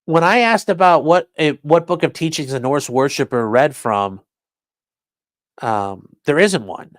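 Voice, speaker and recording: A man's voice: on the high side, lively intonation, a little slow, dry recording. A man hosting a casual crime livestream, sarcastic and profane, mocking his subjects and reading out chat comments. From rural area. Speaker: livestream host.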